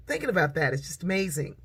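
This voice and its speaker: A woman's voice: low voice, breathy edge. A middle-aged woman telling humorous family stories in a personal storytelling monologue. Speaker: speaker and author.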